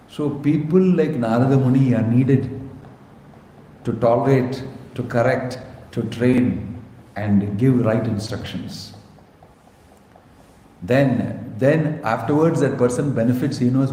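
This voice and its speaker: A man's voice: medium pitch, unhurried, dark tone. Man giving a sermon in an echoey hall. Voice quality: quotes Sanskrit verses in a chant-like cadence. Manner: storytelling, acts out quoted voices, emphatic. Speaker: swami giving a scripture discourse. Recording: roomy hall with long reverb, faint noise.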